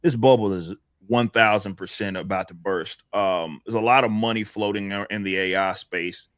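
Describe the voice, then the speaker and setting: A man hosting a casual livestream panel, talking in halting, rambling sentences with many restarts. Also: lowish voice, fairly even intonation, dry recording, studio quality. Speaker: stream host.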